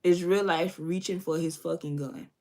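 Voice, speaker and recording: This beauty vlogger, a woman in her thirties, talks directly to y'all as she does her makeup, spinning a casual story full of cursing. She speaks at a moderate pace in a lowish, darkish voice with fairly even intonation.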